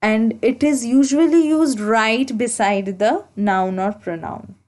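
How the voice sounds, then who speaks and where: Slow, higher-voiced woman teaching grammar. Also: darkish tone. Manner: slow, deliberate explaining with repetition and self-corrections. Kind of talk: exam-prep grammar lesson.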